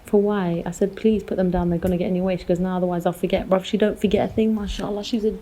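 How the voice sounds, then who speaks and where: A young woman, co-hosting a casual podcast chat and telling animated, slangy stories. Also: mid-range voice. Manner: animated storyteller, slangy and quick. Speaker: podcast co-host. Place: calling in from abroad.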